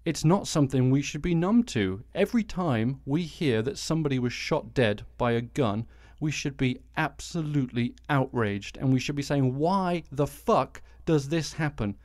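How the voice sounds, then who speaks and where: A British podcast host in his forties rants alone on his show, exasperated and swearing often. His medium-pitched voice is a little mellow and moves at a moderate pace with few pauses. The sound is dry, with no echo.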